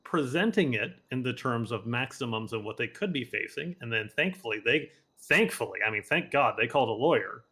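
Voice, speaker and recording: Man, mid-pitched voice, patient, explanatory, casual roleplay mentor. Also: lively intonation, brisk, hardly any pauses, sharp tone, husky. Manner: patient, explanatory, with frequent filler words. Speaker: senior lawyer character giving advice. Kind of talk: casual in-character mentoring chat.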